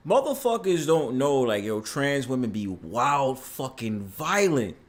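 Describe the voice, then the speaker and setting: Excitable man. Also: medium pitch, measured pace. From New York. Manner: excitable storyteller, swearing freely. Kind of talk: casual panel chat.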